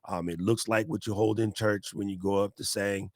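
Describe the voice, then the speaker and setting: A man, a guest tech expert in a casual video-call interview, explaining with folksy animated talk and laughs. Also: fairly low pitch, normal speed, no room sound, clean studio sound. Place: home office.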